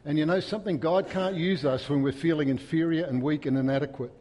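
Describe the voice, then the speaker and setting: Preacher guy going loud then quiet, higher-ish voice, big echoey church hall. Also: fast talker. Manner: impassioned, rising to loud emphatic peaks then dropping soft. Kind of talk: sermon.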